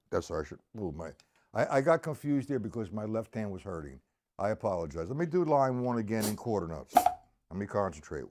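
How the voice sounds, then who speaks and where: A man's voice: lowish voice, very animated, brisk, a little mellow, a little hiss or hum. A middle-aged man teaching a live-streamed drum lesson, patiently explaining and counting aloud as he plays.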